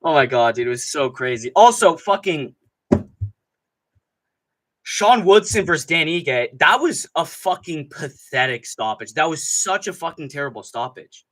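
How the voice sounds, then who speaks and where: Excitable, profane male streamer. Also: fairly high pitch, unhurried. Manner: excitable, profane, rambling with frequent "dude" and laughs. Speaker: MMA streamer host. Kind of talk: live stream commentary, casual rant.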